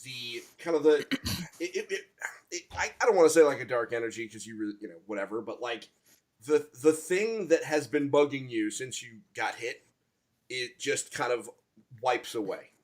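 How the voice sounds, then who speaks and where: A man's voice: mid-range voice, lively intonation, normal speed. A man narrating as game master, hesitant and searching for his words.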